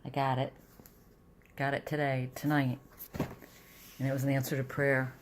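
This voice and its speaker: A woman's voice: a bass voice, level tone, moderate pace, slight background noise. A middle-aged woman talking casually in a home vlog, rambling with restarts. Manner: rambling, chatty, restarts often. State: dizzy and close to tears. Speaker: vlogger.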